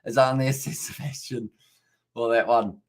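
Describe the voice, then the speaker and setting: A man's voice: medium pitch, fairly even intonation, normal speed. A man from New Zealand giving casual live-stream commentary on a rugby league match, chatting with viewers and reading out chat between plays.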